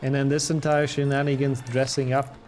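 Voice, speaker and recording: A man's voice: medium pitch, fairly quick. A man streaming a video game, chatting casually and answering his chat as he plays. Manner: reads and answers chat while playing, relaxed and chatty. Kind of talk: casual live-stream chat over gameplay. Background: game music.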